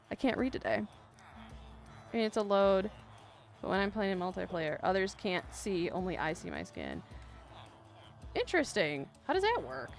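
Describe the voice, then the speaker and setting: A woman hosting a casual live stream, chatting and reading viewer messages aloud in a bubbly, rambling way, laughing often. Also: mid-range voice. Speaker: live-stream gaming host. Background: faint background music.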